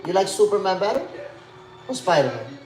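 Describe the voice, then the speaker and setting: A man's voice: high-pitched, big pitch swings, brisk, music in the background. A man in his fifties hosting a live stream, chatting casually in slang and reminiscing as he reads out the chat. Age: 50s. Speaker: boxing podcast host.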